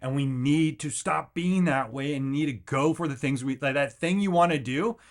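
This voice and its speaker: A man's voice: a little high, normal speed. Rambling, fired-up male podcast host. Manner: energetic, rambling, acts out quotes in jumpy voices; filler-heavy, with frequent restarts. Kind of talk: motivational rant.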